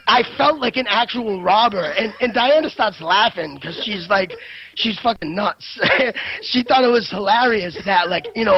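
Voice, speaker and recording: A young man co-hosting a casual gaming podcast, telling stories excitedly with lots of swearing and filler words. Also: high-pitched, dull audio. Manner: excitable storyteller, swears a lot, many fillers. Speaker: podcast co-host.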